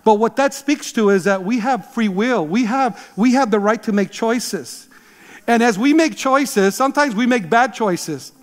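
A man in his sixties, a pastor, preaching an emphatic, animated sermon. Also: very high voice, measured pace, big-room sound. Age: 60s. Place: church sanctuary.

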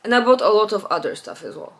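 A woman, chatting casually in a home vlog, rambling with restarts and letting her voice trail off low and quiet. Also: animated, fast. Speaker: beauty vlogger. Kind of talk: casual perfume haul chat. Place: home, natural light.

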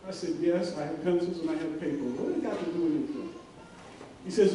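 A man's voice: on the high side, animated, warm tone. Middle-aged man speaking in an echoey hall. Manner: earnest storytelling, with many pauses and fillers. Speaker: commencement speaker. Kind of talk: graduation speech. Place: large hall. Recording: very echoey hall, voice from far off, faint hiss.

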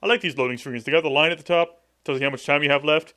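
A man's voice: a little high, very fast, bright, forceful tone. A young man giving casual, joking, profane commentary while playing a video game. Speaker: let's play gamer.

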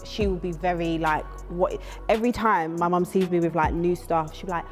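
A woman telling a story in casual chat, acting out quotes in an animated way. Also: lowish voice, a little fast, music in the background. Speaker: sneaker shopper.

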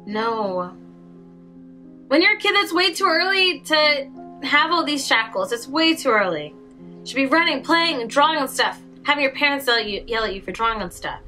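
A woman's voice: on the high side, lively intonation, normal speed, bright, forceful tone, faint music behind. A woman hosting a casual reaction video, reacting aloud with gushing exclamations. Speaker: reaction channel host.

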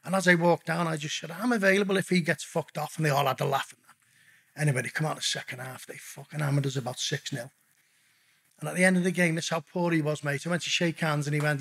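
A man's voice: fairly high pitch, steady tone, brisk, a bit bright, slightly rough. A middle-aged man telling stories as a podcast guest in a blunt, casual way, swearing constantly and calling the host mate. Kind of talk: casual storytelling interview.

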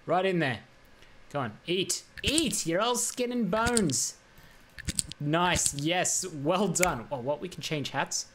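High-voiced man playing a video game. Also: lively intonation, takes it slowly, a bit bright. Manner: playful, talks to the crocodile in a coaxing voice. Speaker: gaming YouTuber. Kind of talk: casual gameplay commentary. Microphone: USB desk microphone. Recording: background game noise with clicks.

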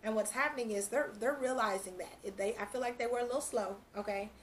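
A woman's voice: on the high side, fast talker, slight background noise. A woman doing a casual tarot reading, chatty, breaking into frequent laughs. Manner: chatty, laughs often, quotes imagined speech. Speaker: tarot reader.

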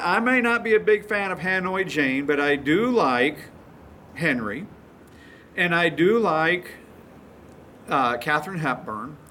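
A man's voice: fairly high pitch, pushed and bright, slight background noise. A male pastor teaching a sermon, retelling stories in a folksy, chuckling way.

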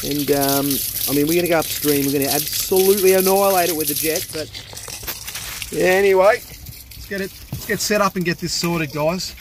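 Chatty Australian tradie, a bit high. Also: male voice, a little fast, background noise. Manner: chatty and jokey, swears casually. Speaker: plumber filming his job. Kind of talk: casual on-the-job vlog. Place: outdoors at a drain. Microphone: handheld phone.

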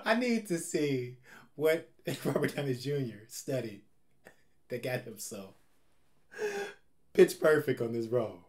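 A man's voice: medium pitch, animated, a little slow, long pauses, darkish tone. A man hosting a movie reaction, making playful quips and wordplay between chuckles. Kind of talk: casual movie reaction commentary.

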